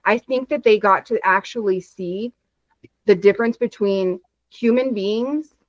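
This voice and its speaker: A woman from Texas chatting as a guest, telling stories in an animated, rapid way over a video call. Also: mid-range voice, no room sound, highs cut off. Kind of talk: casual chat.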